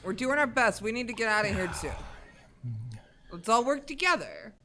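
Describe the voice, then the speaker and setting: Woman gamer, slightly high, lively, playful, music in background. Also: normal speed. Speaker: player. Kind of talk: tabletop role-play.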